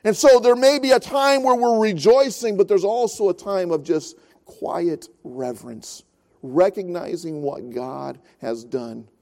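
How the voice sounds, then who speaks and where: A man in his fifties preaching a sermon as pastor, earnest, rising in force and then dropping to a soft, slow hush. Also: sits high. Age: 50s.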